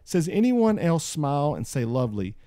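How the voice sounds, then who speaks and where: Animated male podcast host, mellow dry voice. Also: moderate pace, no room sound. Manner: animated, jumps high in pitch for emphasis; reads out listener posts. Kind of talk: casual podcast chat.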